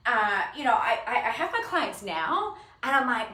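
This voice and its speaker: Woman, casual vlog host, excitable and gushing, voice slightly high. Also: normal speed. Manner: gushing and excitable, bursts of squealing. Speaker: host unboxing her own book. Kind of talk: casual live video chat. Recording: roomy echo.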